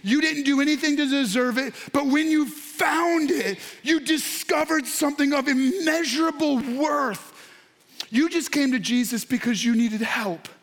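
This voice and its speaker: A man preaching a sermon, speaking straight to his congregation and online viewers and breaking into excited shouts. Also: extremely high pitch, unhurried. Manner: animated, bursts into excited shouts. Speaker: pastor.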